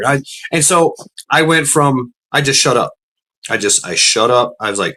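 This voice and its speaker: Bright-voiced man rambling. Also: mid-range voice, lively intonation, a little fast. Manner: profane, rambling, repeats words. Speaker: storyteller. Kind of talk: casual storytelling.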